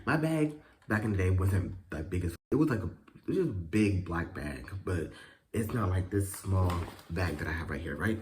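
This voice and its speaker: Low-voiced young man telling a profane story. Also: normal speed, slight background noise. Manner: animated, profane storytelling with sudden pitch jumps. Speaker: vlogger. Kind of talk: casual storytime.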